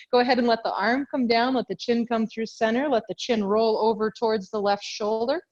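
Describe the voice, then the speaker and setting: A woman's voice: on the high side, fairly quick, hardly any pauses. Woman, yoga instructor, breathless, chatty, self-correcting, video-call audio, a little muffled. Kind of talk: guided yoga class cues. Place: home, over a video call. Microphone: video call mic.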